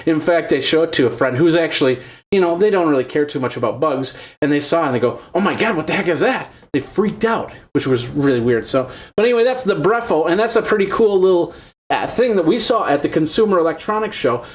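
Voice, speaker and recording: A man's voice: fairly high pitch, expressive, fast talker. A man hosting a tech show, giving a chatty, upbeat gadget demo with lots of fillers and restarts.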